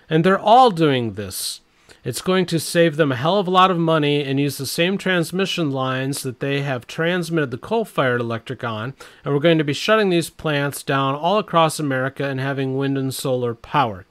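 Speaking from home, a middle-aged man who hosts a commentary channel reacts to the news with blunt exasperation, quoting passages aloud. His voice is mid-range and a bit bright.

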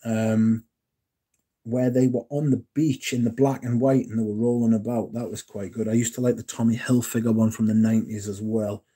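This livestream host speaks at a moderate pace in a lowish, warm, slightly rough voice with a flat delivery. He reads viewer comments casually, joking around with chat and cursing freely.

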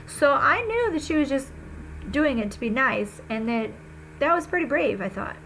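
A woman reading a first-person novel aloud, conversational and expressive, with small slips. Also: high-pitched, moderate pace, slight background noise, rough recording. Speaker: reader.

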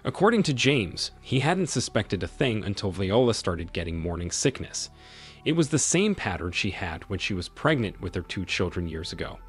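A man narrating a scripted first-person story in a measured, expressive reading. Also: lowish voice, breathy edge, faint music behind.

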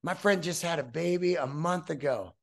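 A man's voice: on the high side, moderate pace, gravelly. A man in his fifties hosting a solo podcast, telling rambling, profane stories and acting out voices along the way. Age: 50s. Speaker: podcast host.

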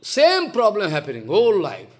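Animated high-voiced male preacher. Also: moderate pace. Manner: emphatic, repeats phrases, broken English. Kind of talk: sermon.

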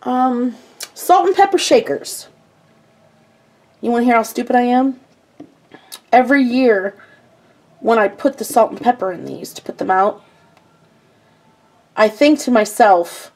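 A woman's voice: on the high side, a little slow, long pauses, darkish tone. An older woman chatting casually through a home tour of her kitchen, rambling and self-mocking.

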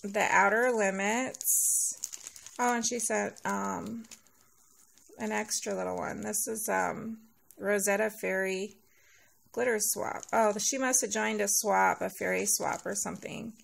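A woman vlogger unboxing a package, sweet and gushing and thankful, sounding sleepy and a little hoarse. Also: medium pitch, fairly even intonation, slow, fairly bright tone. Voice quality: gravelly vocal fry. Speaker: nail vlogger opening a giveaway package. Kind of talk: casual unboxing chat.

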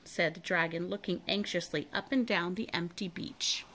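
A woman reading a children's chapter book aloud in a calm, even storytelling voice. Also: lowish voice, normal speed. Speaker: storybook reader.

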